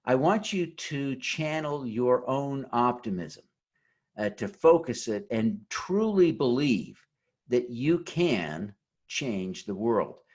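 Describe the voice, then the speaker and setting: A man's voice: medium pitch, animated, takes it slowly, darkish tone. A man giving a motivational conference talk over a video call, earnest and leading the audience in an oath. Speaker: keynote speaker.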